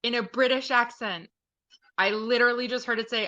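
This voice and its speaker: A woman's voice: a little high, steady tone, fairly quick, sharp tone, no echo, lo-fi sound. A woman hosting a live-stream seance, hesitant at times and repeating aloud what she says she hears. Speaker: host leading a live seance.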